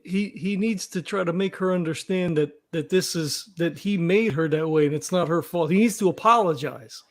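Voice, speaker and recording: A man with a high voice taking part in a tabletop game. He talks casually and hesitantly, often restarting his sentences. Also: moderate pace. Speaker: player. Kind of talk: casual play talk.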